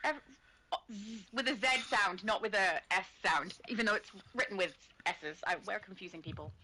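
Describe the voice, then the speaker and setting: A woman's voice: mid-range voice, moderate pace, bright, forceful tone, rough recording. A woman with an Australian accent, co-hosting a live stream in casual chat, reading out viewers' messages and laughing often, with a slight cough. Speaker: stream co-host.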